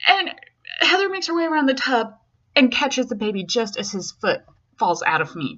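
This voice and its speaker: A woman's voice: fairly bright tone, muffled recording. Chatty young mother telling a story. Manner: chatty, acts out others' lines with big jumps in pitch; candid and self-deprecating. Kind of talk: casual personal storytelling.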